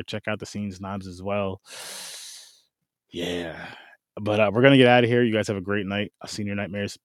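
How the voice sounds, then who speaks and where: A man hosting a casual podcast chat, relaxed, reacting to his co-host with short interjections before wrapping up the show. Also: fairly low pitch, dry recording, studio quality.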